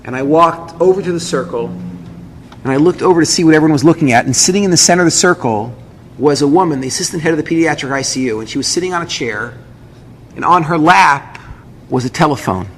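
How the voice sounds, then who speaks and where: A man's voice: fairly high pitch, quick pace. A man, a rabbi, telling a personal story to an audience with lots of feeling. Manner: emotional storytelling, acts out others' lines. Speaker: rabbi and speaker. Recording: echoey hall with faint noise.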